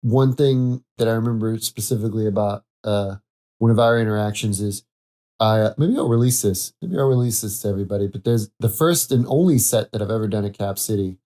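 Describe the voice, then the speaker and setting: A man's voice: on the low side, brisk, dark tone. A man hosting a casual solo podcast, rambling, correcting himself and laughing at his own jokes. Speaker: podcast host.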